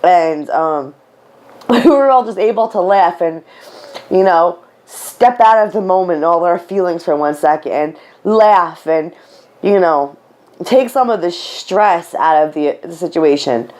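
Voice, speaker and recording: Candid, rambling mom vlogger at home. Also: female voice, on the low side, lively intonation, a little slow, darkish tone. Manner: candid, rambling, swears freely, with filler words. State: tearful. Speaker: vlogger, stay-at-home mother. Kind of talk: casual chat to camera. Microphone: camera mic.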